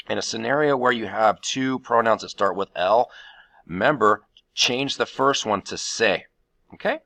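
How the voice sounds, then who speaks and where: A man teaching a Spanish grammar lesson, walking through the steps of each rule with frequent fillers and pauses. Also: lowish voice, creaky, bright, forceful tone.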